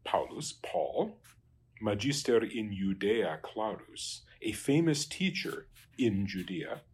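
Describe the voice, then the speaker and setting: A man working through Latin translation exercises as a teacher, halting and trailing off quietly. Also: lowish voice, sing-song, husky. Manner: halting, many fillers and restarts, trails off quietly.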